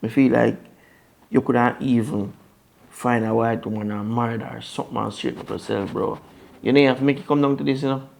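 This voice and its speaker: A man's voice: medium pitch, fairly even intonation, fairly quick, creaky, a little mellow. A man with a Jamaican accent playing a man who takes his deported brother in, blunt and frank in a lecturing way. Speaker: actor in a crime drama. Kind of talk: Jamaican Patois film dialogue.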